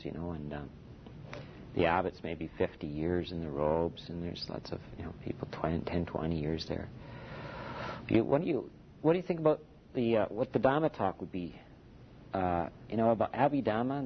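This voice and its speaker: A man teaching a meditation retreat in a relaxed, conversational dharma talk, often saying "you know" and chuckling softly. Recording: dull lo-fi recording with faint rumble.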